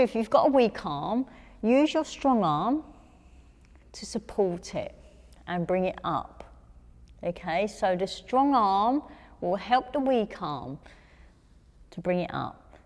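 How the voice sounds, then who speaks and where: An English woman instructing a gentle chair exercise class, encouraging and talking viewers through each move. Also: mid-range voice, big-room sound. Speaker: fitness instructor.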